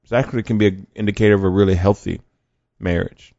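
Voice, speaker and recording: A man's voice: on the low side, fairly even intonation, fast, gravelly, warm tone, no echo, dull audio. A man hosting a faith podcast, talking conversationally with fillers, restarts and rhetorical questions. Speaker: podcast host.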